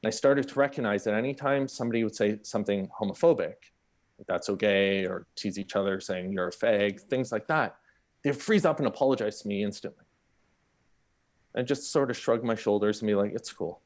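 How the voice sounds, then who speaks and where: A man's voice: fairly low pitch, brisk. A man, speaking on a panel and telling a personal story candidly, acting out the people in it. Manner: candid, animated, acts out the people in his story.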